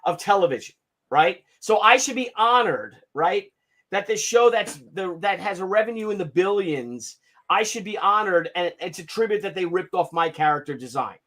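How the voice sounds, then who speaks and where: A man in his fifties hosting a casual livestream, ranting in an animated, sarcastic and profane way. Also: sits high, moderate pace. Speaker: comic artist hosting a livestream.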